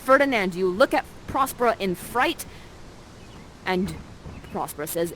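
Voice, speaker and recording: A woman's voice: medium pitch, expressive, unhurried, long pauses, fairly bright tone, a little hiss or hum, rough recording. A woman guiding players through an interactive play, upbeat and teasing, speaking into a headset mic. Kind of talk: playful stage direction.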